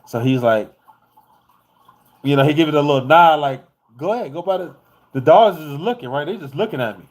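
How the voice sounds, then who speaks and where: A man vlogging in a casual storytelling style, animated and rambling, who swears freely as he tells the story. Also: fairly high pitch, a little fast.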